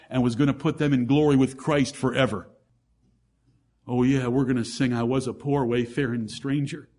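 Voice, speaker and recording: A male pastor preaching a sermon, swinging from fervent raised passages to quiet, intimate asides to the congregation. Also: medium pitch. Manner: addresses congregation as brethren, rhetorical questions.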